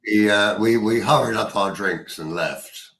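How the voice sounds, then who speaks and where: Male stream guest, stammers and teases, lowish voice, roomy echo. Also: a little slow, a bit bright. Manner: stammering restarts, dry teasing. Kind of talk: casual chat.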